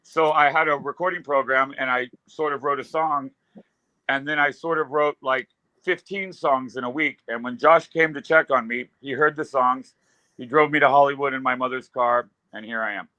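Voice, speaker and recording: Bright-voiced man telling rambling stories. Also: medium pitch, fairly even intonation, moderate pace, no room sound, low-quality recording. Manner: rambling anecdotes with loose fillers. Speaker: guest musician. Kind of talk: casual storytelling.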